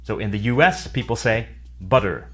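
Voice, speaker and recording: A man giving a scripted English lesson, explaining clearly with dry humor. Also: mid-range voice, animated, moderate pace, a bit bright, soft background music. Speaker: English teacher. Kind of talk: scripted educational narration.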